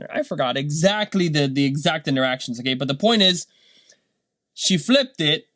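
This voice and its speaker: Rambling, animated dad telling a story. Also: male voice, mid-range voice, fairly quick, dry recording. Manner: rambling, animated storytelling, many "right?" tags. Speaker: vlogger and dad. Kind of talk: casual motivational talk.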